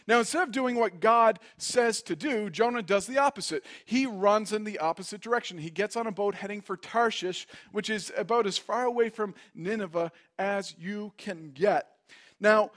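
A man who is a pastor, preaching a sermon and telling a story, acting out the voices in it. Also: high voice. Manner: storytelling, acts out quoted voices.

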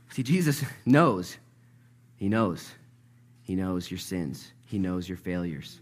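A man preaching a sermon, telling the story with energy, dropping to a hush and then rising loud, and acting out the people in it. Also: low voice, slow, long pauses. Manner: lively storytelling, acts out voices, swings between hushed and loud. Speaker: pastor.

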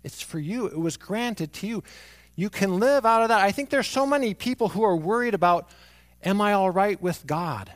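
A man preaching a sermon, moving from hushed, near-whispered lines to emphatic ones as he tells stories about his young son. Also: high voice, animated, a little fast. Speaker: pastor.

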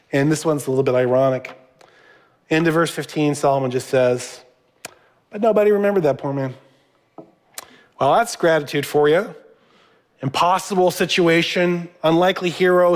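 A middle-aged man giving a sermon as a pastor, conversational, with asides to the congregation. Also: a little high.

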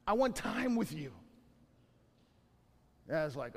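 A high, lively male voice delivering a sermon, jumping between loud exclaims and hushed asides. The sound carries a long reverb from a big hall. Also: a little slow, vocal fry, pauses often, slight background noise. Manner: animated storytelling, swings from loud to quiet. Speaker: pastor.

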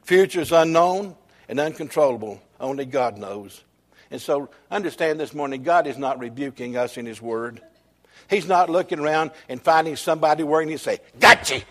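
A man preaching a sermon. His voice sits a little high, and he tells homespun stories with slow, weighty emphasis on the key lines. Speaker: pastor.

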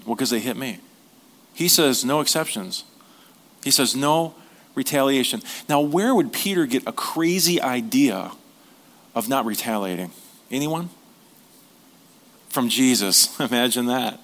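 A middle-aged male pastor delivering a sermon in a loose, conversational way, cracking jokes and tossing questions out to the congregation. His voice sits at an ordinary middle pitch for a man. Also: a bit bright. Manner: conversational, joking preaching with audience questions.

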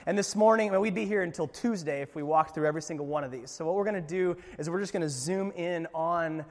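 A pastor with a high, bright voice delivers his sermon in a casual, animated way, full of lively asides. The long reverb of a large hall hangs behind every word. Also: fast talker, hardly any pauses.

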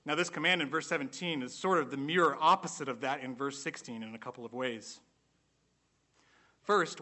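A man preaching a sermon in an earnest, emphatic way, slowing down to stress key points. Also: a little high, sharp tone.

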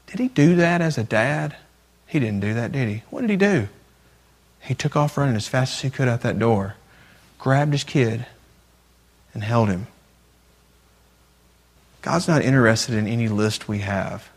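A man's voice: mid-range voice, measured pace, long pauses. A man giving a sermon as a youth pastor, often repeating himself and asking the audience rhetorical questions.

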